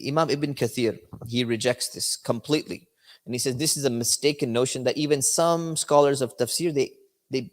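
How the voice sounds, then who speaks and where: Conversational male religious teacher, hall reverb. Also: mid-range voice. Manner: conversational, explaining with checks like "right?". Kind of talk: religious lecture.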